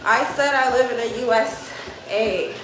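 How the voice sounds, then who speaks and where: A woman hosts a casual livestream, talking slowly to viewers in a fairly high voice. She is heard from a distance in a very echoey room. Steady background noise runs under her voice. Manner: chatty, laughs easily, talks to viewers. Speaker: livestream host.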